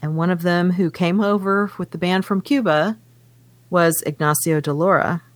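A woman's voice: on the low side, normal speed, no room sound. A woman co-hosting a casual book discussion, reading passages aloud from the novel between her comments. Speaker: podcast co-host.

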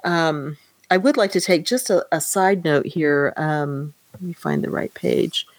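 A woman's voice: deep voice, unhurried, no room sound. A woman hosting a podcast, chatting casually and with amusement about a novel and reading passages aloud. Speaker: podcast host. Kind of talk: casual book discussion.

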